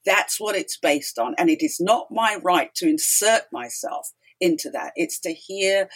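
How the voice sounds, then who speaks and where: Speaking a little slowly in a slightly rough voice on the low side, a middle-aged talk show host tells stories as an interview guest. She's animated and emphatic in the chatty conversation, performing the quotes she relays.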